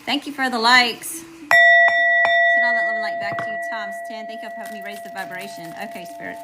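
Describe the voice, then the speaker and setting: A woman's voice: mid-range voice, steady tone, fairly quick, loud music behind the voice. A woman with a Southern accent doing a live tarot reading, chatty and casual, greeting viewers by name between cards. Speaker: tarot reader.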